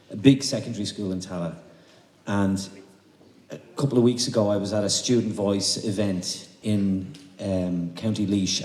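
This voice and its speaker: Chatty Irish compere in an echoey hall. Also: male voice, lowish voice, a little mellow. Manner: chatty, jokey. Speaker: concert host. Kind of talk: stage hosting and joke telling. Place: concert hall on stage. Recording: echoey hall, faint noise.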